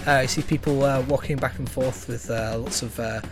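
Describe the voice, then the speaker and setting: A man's voice: medium pitch, steady tone, a little fast, over music. A man narrating as game master in a tabletop game, dry and hesitant with wry asides.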